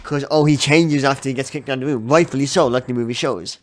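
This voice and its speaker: A man's voice: medium pitch, quick pace. A man co-hosting a podcast, thinking aloud and asking questions in casual film talk. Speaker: podcast co-host.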